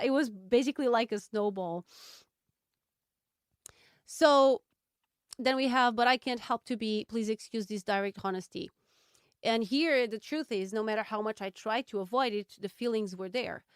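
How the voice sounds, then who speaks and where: A woman hosting a solo podcast, reflecting candidly and thoughtfully, with frequent ums and pauses. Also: fairly high pitch, clear, resonant tone, no room sound, clean studio sound. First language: Portuguese. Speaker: podcast host.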